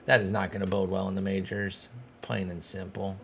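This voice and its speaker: Gravelly young man chatting through a game. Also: low-pitched, fairly quick, a little hiss or hum. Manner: chatty, thinks aloud, sudden excited outbursts. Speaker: streamer playing a baseball management game. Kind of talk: casual gameplay commentary.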